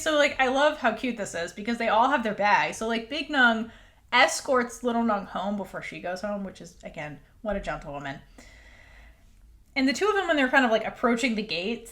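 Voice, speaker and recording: A high-pitched woman co-hosting a recap podcast in loose, casual chat. She swears freely, laughs often and slips into acted-out quotes as she talks. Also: a bit bright. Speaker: podcast co-host.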